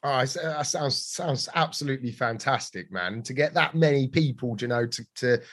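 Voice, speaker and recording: A man's voice: mid-range voice, normal speed, fairly bright tone. Encouraging male interview host. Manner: encouraging, hesitant with restarts. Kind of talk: conversational interview.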